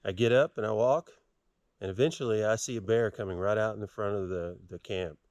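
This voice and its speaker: A middle-aged man vlogging outdoors at a mountain campsite, telling a story in a relaxed, rambling way with lots of fillers and restarts. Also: on the low side, a little fast, no echo. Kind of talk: casual storytelling to camera.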